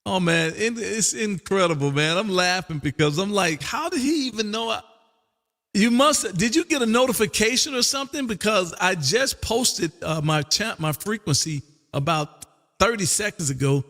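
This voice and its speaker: A Texas ham radio operator and stream host chats casually on air, repeating his call sign and slipping "man" into almost every line. His high, expressive voice moves at normal speed, sounds a bit bright, and trails a long reverb, with a drawl and repeated phrases.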